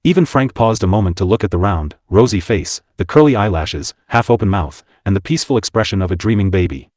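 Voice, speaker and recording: Low-voiced male audiobook narrator. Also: lively intonation, a little fast, darkish tone, no echo, clean studio sound.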